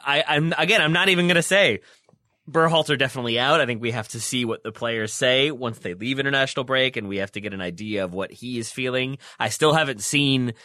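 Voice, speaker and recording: Guy cohosting a soccer podcast, bright voice, rambles on w restarts, dry close sound. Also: medium pitch, no echo. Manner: long animated run-on talk with restarts. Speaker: podcast co-host. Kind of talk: casual soccer analysis chat.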